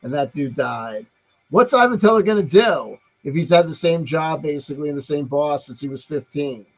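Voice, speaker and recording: Man, slightly high voice, rambling, musing aloud, swearing, casual live-stream commentary. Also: animated, moderate pace, rough recording.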